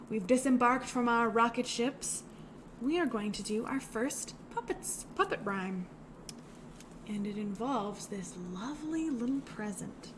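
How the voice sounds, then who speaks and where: Young woman, high voice, unhurried sing-song delivery, children's storytime host, faint hiss behind. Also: a bit bright. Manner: cheerful sing-song, exaggerated and encouraging. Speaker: children's librarian leading storytime. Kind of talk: singing and talking to young children.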